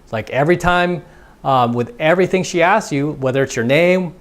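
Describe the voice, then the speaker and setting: A man's voice: a little high, brisk. A man giving a casual, conversational dating lesson as a coach, acting out both sides of example conversations. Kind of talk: instructional monologue.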